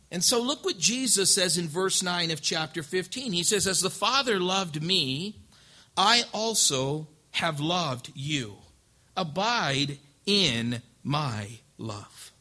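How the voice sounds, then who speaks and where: Man, pastor, sermon, high bright voice, animated delivery. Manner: animated, acts out couples' voices, rising to loud emphasis.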